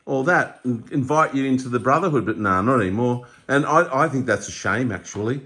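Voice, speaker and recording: A man's voice: medium pitch, expressive, brisk, bright, forceful tone. An Australian man in his forties, chatting casually and telling stories, laughing often and acting out voices. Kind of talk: casual chat.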